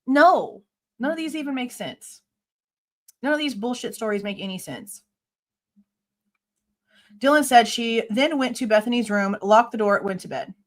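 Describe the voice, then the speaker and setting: A woman with a slightly high voice speaks at normal speed, leaving long pauses. As a true crime host giving live commentary on a police report, she's blunt, skeptical and exasperated, and swears casually.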